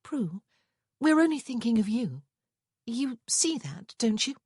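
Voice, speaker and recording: A sweet but chiding young sister in a storybook reading, as a woman narrator puts her on, her voice breathy and raised. She scolds in a quick, sugary tone with lively pitch. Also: no room sound, studio quality.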